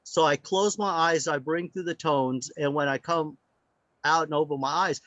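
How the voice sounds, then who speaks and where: A man telling a casual story as a guest speaker on sound healing. He talks in animated anecdotes with many fillers. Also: on the high side, moderate pace, no echo. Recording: dry, slightly muffled lo-fi audio.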